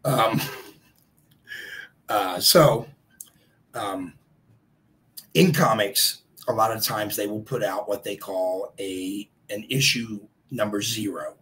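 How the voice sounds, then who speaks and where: Low-voiced, rambling, congested man host. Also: slow, pauses often, fairly bright tone, poor audio. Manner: rambling and chatty, greets viewers by name. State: congested and a bit hoarse. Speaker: host of a live stream. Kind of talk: casual live-stream chat.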